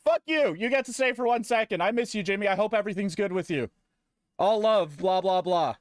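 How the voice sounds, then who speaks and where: A man streaming live, chatting casually with viewers in a profane, rambling, jokey way, now and then breaking into loud mock rants. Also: sits high, a little fast, no echo, clean studio sound.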